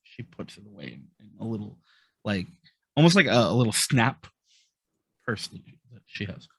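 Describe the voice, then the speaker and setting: A man narrating as game master in a tabletop game, describing scenes in an animated way. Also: lowish voice, normal speed, husky, dry recording. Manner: animated, descriptive, with many fillers.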